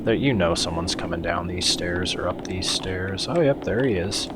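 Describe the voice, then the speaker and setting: A man's voice: sits low, normal speed, background noise. A man hosting a game playthrough, chatting and joking with mild swearing as he plays. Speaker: let's play host. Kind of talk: casual gameplay commentary.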